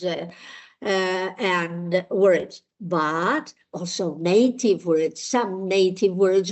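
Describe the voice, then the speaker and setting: A woman teaching a language lesson, explaining patiently with many pauses and fillers. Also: mid-range voice, a little mellow. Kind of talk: online language lesson with repeat-after-me drills.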